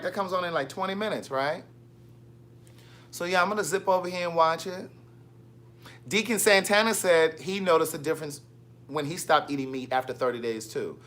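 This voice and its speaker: Bright-voiced guy chatting on his live, reading comments and teasing folks. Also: fairly high pitch. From Maryland. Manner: chatty, reads viewer comments aloud, teasing. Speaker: livestream host. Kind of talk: casual live chat.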